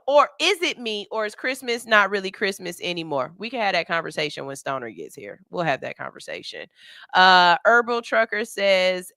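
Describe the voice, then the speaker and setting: A woman's voice: on the low side, a bit bright, smooth, no echo. A woman hosting a morning radio show in a studio, talking candidly with plenty of cursing and a pep-talk tone while reading listener comments.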